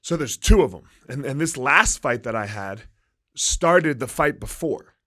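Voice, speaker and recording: A man's voice: mid-range voice, animated, unhurried, bright, forceful tone. Emphatic ex-fighter telling his story. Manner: profane, emphatic, frequent "right?" and "like". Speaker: guest, former fighter and gym owner. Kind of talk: candid storytelling interview.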